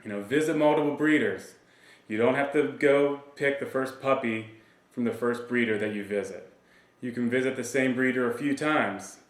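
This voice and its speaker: A man gives a relaxed, plain-spoken lesson as a dog trainer, talking at a middle pitch. He drops in easy fillers as he explains. His voice sits back from the mic in a roomy space with noticeable reflections. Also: moderate pace. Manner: relaxed, plain-spoken, with frequent "you know" and "um". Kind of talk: casual instructional demonstration. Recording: roomy sound from a distance from the mic.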